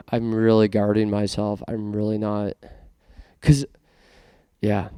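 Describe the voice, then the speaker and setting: A man's voice: fairly low pitch, monotone, slow, pauses often, mellow, clean tone, no echo, studio quality. A man from Canada hosting a casual podcast monologue, self-conscious and rambling with many restarts. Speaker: podcast host.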